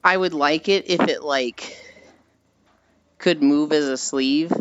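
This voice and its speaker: A woman's voice: low voice, slow, smooth, dry recording, lo-fi sound. Giggly, rambling woman streamer. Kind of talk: casual chat while walking.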